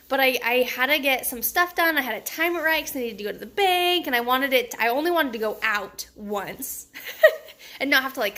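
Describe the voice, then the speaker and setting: A young woman chatting casually to camera in a personal vlog, excitable and quick to laugh, with lots of fillers. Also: on the high side. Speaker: vlogger.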